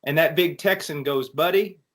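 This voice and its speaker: A man's voice: on the high side, a little slow. A preacher speaking to college students, telling a personal testimony in an earnest way and often restarting his sentences. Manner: earnest storytelling with frequent restarts.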